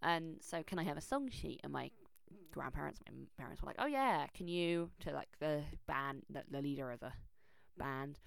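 A young woman telling a personal story in a chatty, animated way, full of fillers and restarts. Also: low voice, normal speed, vocal fry, no echo. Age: young adult. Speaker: vlogger. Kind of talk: casual storytelling. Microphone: close microphone.

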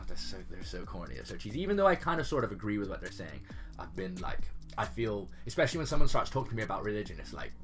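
A man's voice: on the low side, fairly bright tone. A young man telling his story as an interview guest, chatting casually, laughing often and saying "like" a lot. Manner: chatty, says "like" a lot, laughs while talking.

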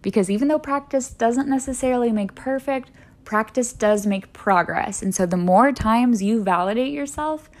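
A woman's voice: on the high side, normal speed, a little mellow. A woman hosting a solo wellness podcast, talking in an earnest, encouraging way with lots of casual "like"s. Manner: earnest, encouraging, chatty with many "like"s. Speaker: podcast host.

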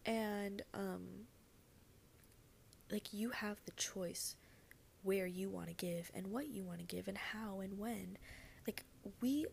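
A woman hosts a solo podcast from her bed, talking casually and earnestly, rambling with plenty of "like" and "you know" plus an occasional swear. Her mid-range voice is slow, creaky, and darkish, with long pauses and a faint hiss or hum in the recording.

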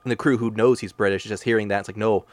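A man co-hosting a casual podcast chat, quick and joking. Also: on the low side, fairly even intonation, no room sound. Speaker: podcast co-host.

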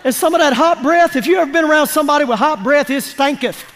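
A pastor with a very high, somewhat bright voice preaches at a quick pace in a church sanctuary, with slight background noise present. Emphatic and folksy, he elicits responses from his listeners, and the long reverb of a large church hall fills the recording.

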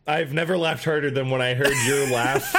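A man's voice: mid-range voice, steady tone, moderate pace, background noise. A man co-hosting a podcast over a call, joking and giggling as he talks. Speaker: podcast co-host. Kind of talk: casual podcast chat. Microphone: remote call.

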